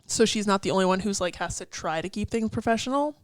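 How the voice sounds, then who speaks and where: A woman's voice: mid-range voice, fast talker, dry recording. Chatty young woman full of fillers. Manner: chatty, many "like" fillers, laughs and swears. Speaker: podcast co-host. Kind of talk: casual chat analyzing song lyrics.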